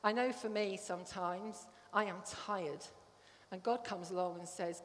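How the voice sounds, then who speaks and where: A woman's voice: medium pitch, moderate pace. Woman preaching in a reverberant hall. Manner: conversational, checks in with the congregation. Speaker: church speaker. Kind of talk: sermon.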